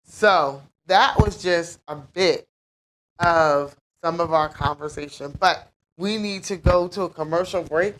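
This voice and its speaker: A woman's voice: on the low side, a little slow, slight background noise, rough recording. A woman pastor hosting her talk show, speaking in an encouraging, preacher-like way.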